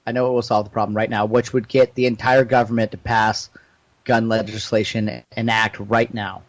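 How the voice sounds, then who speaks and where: A man's voice: fairly low pitch, little pitch movement, moderate pace, no room sound, rough recording. A man co-hosting a podcast, swearing and joking in loose banter. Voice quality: profane, jokey, slips into mock voices. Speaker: podcast co-host. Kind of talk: crude comedic banter.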